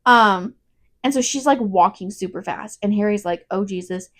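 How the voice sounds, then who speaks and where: A young woman co-hosting a casual book review chat, retelling the plot in a rambling way and saying "like" constantly. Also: medium pitch. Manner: rambling, fills every gap with "like", quick retelling. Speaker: podcast co-host.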